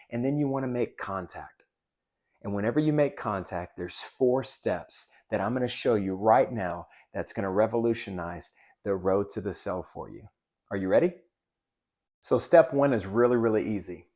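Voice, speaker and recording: An upbeat man gives a sales training lesson in a coaching manner. His voice sits at an ordinary middle pitch. He stops now and then to act out the greeting lines he teaches. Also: darkish tone. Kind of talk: instructional talk with role-play demos.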